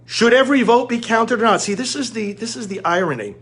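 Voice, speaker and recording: A man's voice: extremely high pitch, a little fast, fairly bright tone, breathy edge. A man from the United States giving an emphatic, lecturing monologue to viewers, repeating key words to drive his point home. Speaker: commentator.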